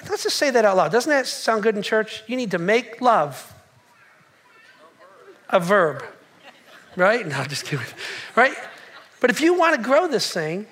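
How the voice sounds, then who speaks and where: A male pastor preaches a sermon to his congregation in a church. He talks in an animated way, repeats his key lines and slips in joking asides. His voice is high and bright.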